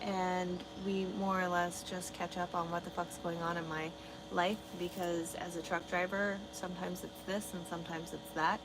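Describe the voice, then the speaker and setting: A woman's voice: on the low side, little pitch movement, normal speed. Trucker lady on a live stream, swears constantly, sassy back at chat, noisy audio. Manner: blunt, swears a lot, talks back to chat. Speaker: truck driver livestreamer. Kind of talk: casual livestream chat reading comments.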